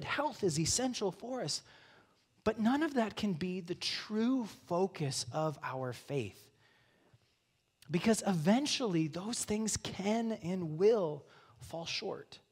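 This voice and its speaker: A man preaching a sermon in a church, earnest and reflective, often dropping to soft near-whispers. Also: high-pitched, husky. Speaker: pastor. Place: church sanctuary.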